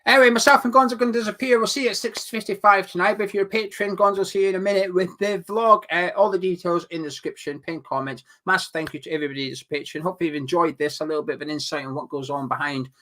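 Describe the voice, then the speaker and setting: A man co-hosting a casual football chat, jokey and brisk, plugging the channel between bits. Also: high voice, fairly even intonation, bright, forceful tone. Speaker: co-host.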